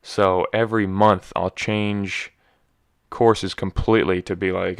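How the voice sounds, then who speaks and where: Low-voiced rambling young man. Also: little pitch movement, slow pace, clear, resonant tone. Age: young adult. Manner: rambling, self-deprecating, many restarts. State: slightly scratchy voice. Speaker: podcast host. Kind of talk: casual solo monologue.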